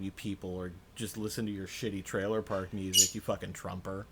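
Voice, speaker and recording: A man co-hosting a podcast, telling a story in a casual, profane, animated way and mimicking the people in it. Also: low-pitched, brisk, very noisy. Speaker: podcast co-host. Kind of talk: casual chat.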